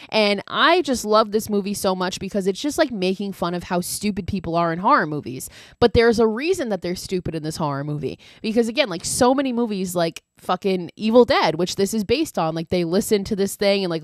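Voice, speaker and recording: A woman's voice: lowish voice, no room sound, studio quality. Chatty woman recapping a movie. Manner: chatty, swears freely, laughs often. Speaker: podcast host.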